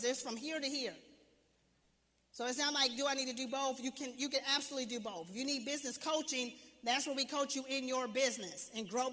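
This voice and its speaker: A woman's voice: sits high, bright, forceful tone, long reverb tail. A woman coach giving a motivational talk to an audience, emphatic and preachy, firing off repeated questions. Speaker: business and wealth coach.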